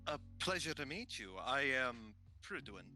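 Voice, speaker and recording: A man's voice: mid-range voice, big pitch swings, sharp tone, soft background music, heavily acted. Man playing a formal, courteous newcomer. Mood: earnest. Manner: formal, polite, slow.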